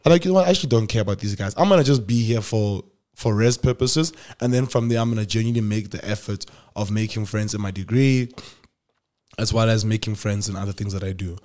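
Animated young South African man. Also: on the low side, fast. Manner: animated, acts out other people's lines, slangy. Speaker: podcast host telling his story. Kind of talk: casual storytelling.

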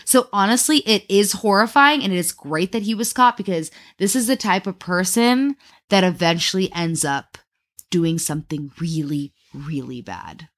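A woman's voice: fairly low pitch, moderate pace. A woman co-hosting a podcast, telling a true crime story in casual chat, with frequent fillers like "um" and "like". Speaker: podcast co-host.

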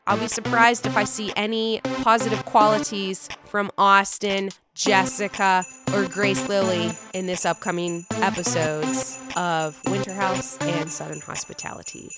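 A woman with a Pittsburgh accent hosting a podcast in excitable, profane casual chat, her voice lowered from being sick. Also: measured pace, hardly any pauses, loud music behind the voice. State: sick, voice lower than usual. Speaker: podcast host.

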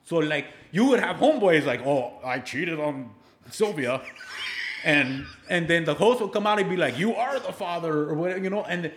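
A man with a high, bouncy voice tells a rowdy story in loose slang, swinging his pitch all over the place. The room around him sounds hollow and echoey. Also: animated, a little fast, background noise. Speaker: guest. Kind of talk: casual comedic chat.

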